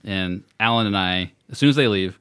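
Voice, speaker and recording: An American man co-hosting a podcast, telling a rambling story with laughs, his voice trailing off quietly between bits. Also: lowish voice, fairly quick, clear, resonant tone, no echo, clean studio sound. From United States. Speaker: podcast co-host. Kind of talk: casual storytelling chat.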